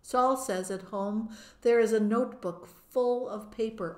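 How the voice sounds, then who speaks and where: Slow, measured woman audiobook narrator. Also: a little high. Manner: measured, expressive. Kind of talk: audiobook reading of a novel in first person.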